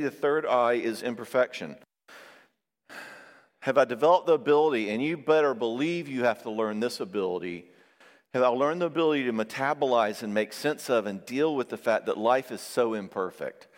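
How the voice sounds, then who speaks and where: A man preaching a sermon on marriage, lively and conversational, acting out quoted voices now and then. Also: mid-range voice, moderate pace. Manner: animated, acts out quoted voices. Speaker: pastor and therapist. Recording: long reverb of a hall.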